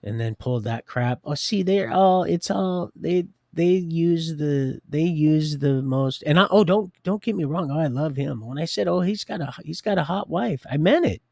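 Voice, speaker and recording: A man hosting a livestream, rambling through faith talk, laughing often and swinging between loud and hushed. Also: a little high, animated, normal speed, vocal fry, few pauses, dry recording, clean studio sound. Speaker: livestream host.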